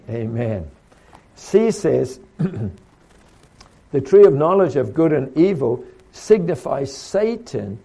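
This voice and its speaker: A man's voice: medium pitch, vocal fry, warm tone, breathy edge. A man preaching a sermon to trainees, asking rhetorical questions and now and then mimicking the voices of other people.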